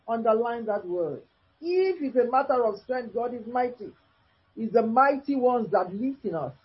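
A male preacher reading scripture aloud and expounding it, slow and declamatory, with sudden rises in pitch. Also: animated, husky. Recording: dull lo-fi recording.

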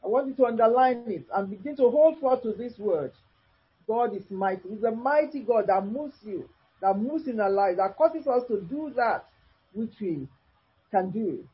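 A male preacher reading scripture aloud and expounding it, slow and declamatory, with sudden rises in pitch. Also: expressive, husky. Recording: dull lo-fi recording.

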